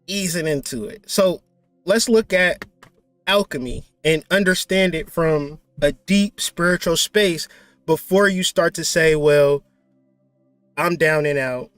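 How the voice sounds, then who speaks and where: A man with a high voice delivers blunt, profane spiritual advice in a loose, preachy manner with playful asides. The recording is dry and close, with faint music underneath. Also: measured pace, fairly bright tone, no echo. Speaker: spiritual teacher. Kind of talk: casual spiritual talk.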